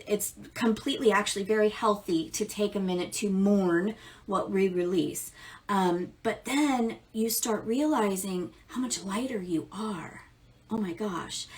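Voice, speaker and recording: A woman giving casual live tarot readings, chatty and affectionate, calling listeners darling and baby and swearing now and then. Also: a little high. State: amped up. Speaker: tarot reader.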